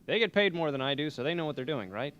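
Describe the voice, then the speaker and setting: A man's voice: on the high side, lively intonation, fast, a bit bright, muffled recording. Rambling young man hosting college radio. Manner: joking, rambling, self-mocking. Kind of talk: rambling comedic radio chat.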